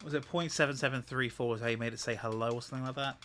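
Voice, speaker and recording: Man, casual gaming chat, rambling, bright voice. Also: medium pitch, steady tone, very fast, faint music behind. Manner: rambling, laughs often. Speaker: co-host.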